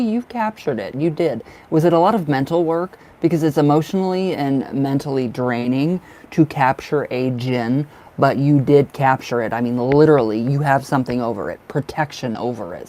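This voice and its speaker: A man's voice: medium pitch, a little mellow. A man doing live-stream tarot readings, chatty and giggly, who calls viewers by name and sounds cold and bundled up. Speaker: tarot reader.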